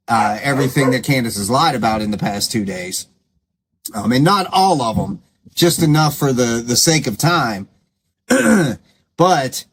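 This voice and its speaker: A man's voice: medium pitch, slight background noise. A man hosting his own commentary show, scolding and sarcastic as he rebuts claims, with an emphatic, combative delivery. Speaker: commentary channel host.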